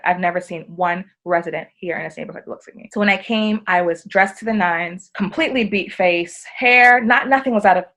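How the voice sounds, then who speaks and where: An American woman, a podcast guest, chatting casually and acting out quoted dialogue as she tells her stories. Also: medium pitch. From United States. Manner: animated, acts out quoted dialogue. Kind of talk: casual conversational storytelling.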